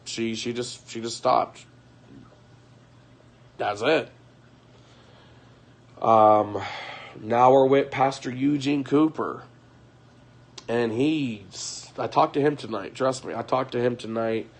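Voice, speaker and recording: A man's voice: mid-range voice, steady tone, takes it slowly, pauses often. A young man telling a personal story on a livestream in a rambling way, acting out what others said. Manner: rambling, frequent fillers, acts out quoted voices. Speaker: streamer.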